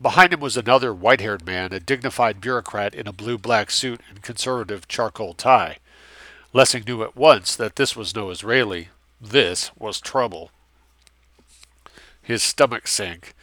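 Man reading an audiobook, steady, bright punchy voice, dry close mic. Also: medium pitch, moderate pace, no room sound. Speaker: audiobook narrator. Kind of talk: scripted narration.

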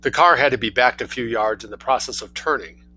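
A man reading a story aloud in a relaxed, lively way, doing voices for the characters. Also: medium pitch, fairly quick, faint music behind, rough recording.

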